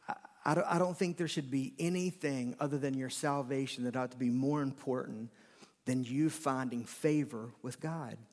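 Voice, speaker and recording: A middle-aged pastor preaches a sermon in a conversational way, at a moderate pace with a medium-pitched, darkish voice. He uses emphatic repetition and sudden bursts of energy, and the long reverb of a large hall surrounds him.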